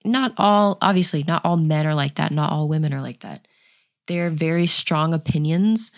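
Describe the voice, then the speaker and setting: A young woman with a slightly low voice, co-hosting a chat podcast. She talks bluntly and rambles from point to point, swearing freely. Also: normal speed. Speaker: podcast co-host. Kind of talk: casual chat.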